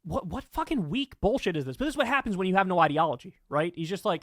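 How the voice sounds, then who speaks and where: A man's voice: high-pitched, expressive, fast, few pauses, fairly bright tone, no echo, studio quality. A man hosting political commentary, ranting angrily with lots of swearing. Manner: angry, profane ranting.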